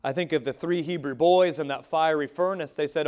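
A man preaching a sermon as pastor, swinging between quiet, soft asides and loud, raised exclamations. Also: on the high side, fairly quick, few pauses.

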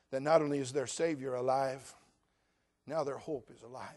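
A middle-aged man preaches with a slightly higher voice than most men. He tells stories in a quiet, close tone, then builds to loud, soaring declarations. He recites scripture in old-fashioned wording. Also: steady tone, fairly quick. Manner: swings from hushed storytelling to loud, rising preaching. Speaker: pastor. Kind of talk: sermon.

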